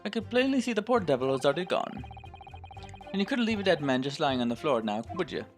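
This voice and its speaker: A man's voice: very animated, quick pace, faint music behind. A man voicing a sly male moneylender witness with an exaggerated, strained Irish accent, reading a game aloud. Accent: put-on Irish. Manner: folksy, sly, strained high put-on brogue.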